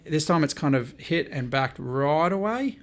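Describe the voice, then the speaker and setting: A man's voice: a little high, a little slow. A man, a podcast guest telling a story in casual talk, acting out what people said and swearing now and then. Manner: lively, swears, quotes people in dialogue.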